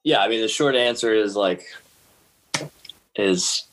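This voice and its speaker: A man talking as a podcast guest about creativity, thoughtful and hesitant with many pauses. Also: fairly low pitch, fairly bright tone, low-quality recording. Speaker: guest, filmmaker and musician. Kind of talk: casual interview chat.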